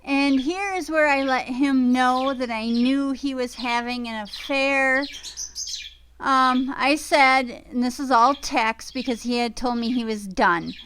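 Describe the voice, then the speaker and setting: A woman's voice: takes it slowly, fairly bright tone, slight background noise. A woman in her fifties telling a personal story to her vlog viewers in a frank, blunt way. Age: 50s. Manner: frank and blunt, drops into a low murmur when reading texts aloud. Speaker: vlogger. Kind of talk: casual storytelling to camera.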